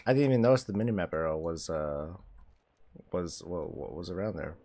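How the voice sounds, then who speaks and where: A man with a lowish voice talks through his gameplay on a live stream. His pitch jumps around a lot as he chats, swears and laughs along. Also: a little fast. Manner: animated, swears freely, laughs often. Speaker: streamer host. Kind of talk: casual gameplay commentary.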